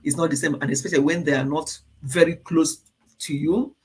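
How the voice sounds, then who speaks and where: An older woman, hosting a live stream and talking warmly and emotionally to her viewers. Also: low voice, steady tone, brisk, a little hiss or hum. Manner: emotional, tearful at times, talks directly to commenters. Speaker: channel host.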